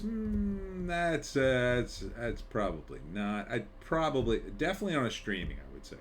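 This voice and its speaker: A screenwriter giving a rambling, conversational trailer reaction, full of fillers and wry asides. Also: male voice, medium pitch, big pitch swings, normal speed, hardly any pauses, slight background noise. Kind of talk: casual commentary.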